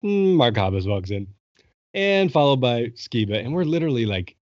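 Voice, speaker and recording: A young man hosting a podcast, telling a long story in an excited, casual way and swearing freely. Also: medium pitch, normal speed, dry recording, highs cut off. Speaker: podcast host. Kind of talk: casual chat.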